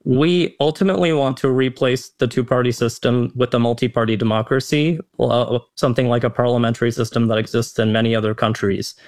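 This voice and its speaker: A man's voice: medium pitch, steady tone, fairly quick, few pauses, darkish tone, dry recording, clean studio sound. A man activist answering an interview question in an earnest, explanatory way. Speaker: activist guest.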